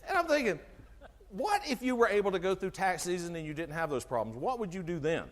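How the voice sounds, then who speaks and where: A middle-aged man giving an animated health talk to an audience, asking them questions and acting out conversations. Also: sits high, fast talker. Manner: animated, asks the audience questions, acts out dialogue. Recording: long hall reverb from a live talk.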